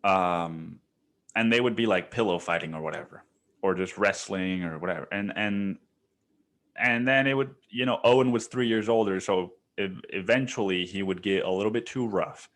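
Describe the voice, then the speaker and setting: A man's voice: deep voice, normal speed, a bit bright. Rambling, swearing young male podcaster. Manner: rambling, profane storytelling with frequent restarts. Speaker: podcast host. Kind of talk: casual solo podcast monologue.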